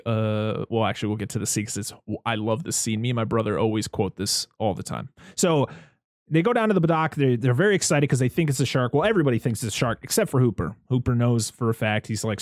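A man with a lowish voice talks fast, casually recapping a film on a podcast where he's a co-host. He rambles, catches himself, laughs a lot, and acts out quotes. The recording is dry and studio quality.

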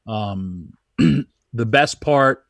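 Brief: middle-aged male wrestler guest, dry close sound, average pitch, chatty rambling storyteller. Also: extremely slow, vocal fry, no echo. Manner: animated, rambling anecdotes with restarts. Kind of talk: casual storytelling.

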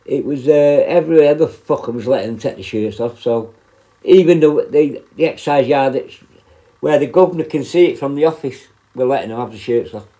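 A man speaks in a relaxed, mellow, darker voice. He tells stories casually, rambling from one point to the next, and he swears bluntly and often. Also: mid-range voice, a little fast, low-quality recording. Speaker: podcast host, former prison officer. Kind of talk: casual storytelling monologue.

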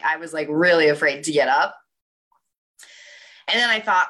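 A young woman with a slightly low voice delivers a motivational talk at normal speed. She tells it in an animated, story-driven way, sprinkling in casual "like"s.

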